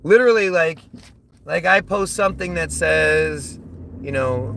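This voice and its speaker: Man from the US, higher voice, livestreams from his car over steady road noise, rambling rants with repeated words. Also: unhurried. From United States. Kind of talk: casual livestream talk reading chat aloud. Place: inside a car while driving.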